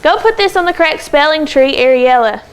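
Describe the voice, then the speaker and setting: High-voiced woman teaching a class. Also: lively intonation. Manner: encouraging, brisk, calls on pupils by name. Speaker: second grade teacher. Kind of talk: classroom phonics lesson. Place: classroom with children.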